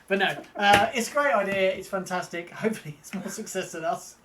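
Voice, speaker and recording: A man's voice: high-pitched, brisk, background noise. A man co-hosting a live stream in a casual, chatty way, self-mocking and stumbling over his reading. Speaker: co-host of a motorbike live stream.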